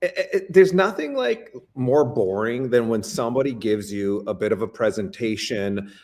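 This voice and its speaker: A Canadian man talking as a guest in a casual interview, animated, with stammering restarts and lots of fillers. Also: mid-range voice, moderate pace.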